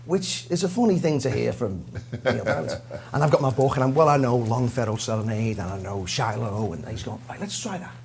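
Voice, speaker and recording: A man from Liverpool with a Liverpool accent, a guest drummer telling a lively, self-mocking story in an interview. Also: mid-range voice, a little fast, gravelly, a little hiss or hum. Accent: Liverpool English. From Liverpool, England.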